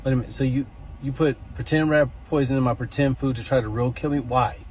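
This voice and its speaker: A man telling comedic stories about his days as a pre-K teacher, with stammered restarts and sudden high-pitched outbursts when flustered. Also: fairly even intonation, fast talker, darkish tone. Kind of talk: storytelling comedy with acted-out quotes.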